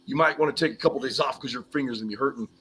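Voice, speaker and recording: Bright-voiced man rambling through a story. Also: mid-range voice, very fast, poor audio. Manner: rambling storyteller, says "whatever" often. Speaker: guest, former iron worker. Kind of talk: casual live-stream chat.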